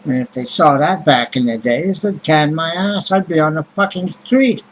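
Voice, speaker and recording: A man's voice: on the high side, moderate pace, rough recording. A man vlogging in a rambling, casual monologue, blunt and grumbling, with heavy swearing and many fillers.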